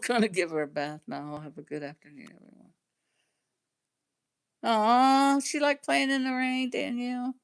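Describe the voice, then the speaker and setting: A woman's voice: low-pitched, vocal fry, a little mellow. A middle-aged woman chatting casually on her livestream, rambling and laughing often. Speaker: livestream host chatting with viewers.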